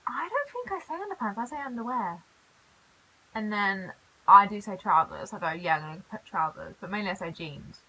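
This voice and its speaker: British girl vlogging, bright clear voice, chatty, laughs a lot. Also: medium pitch, normal speed, rough recording. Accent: British English. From United Kingdom. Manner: chatty and animated, laughs often. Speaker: YouTuber. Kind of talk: casual vlog chat.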